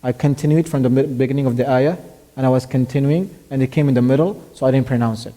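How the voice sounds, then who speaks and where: A man teaching a tajweed lesson. He explains step by step, recites short Arabic verses, and quizzes his student along the way. His voice is warm and mellow and carries a long hall reverb. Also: mid-range voice, fast talker. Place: mosque classroom.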